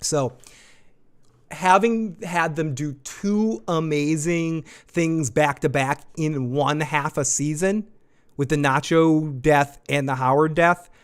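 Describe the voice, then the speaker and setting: A man hosting a live TV episode review, talking in an excited, rambling way, repeating himself and swearing now and then. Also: a little high, slow, clear, resonant tone. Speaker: show host.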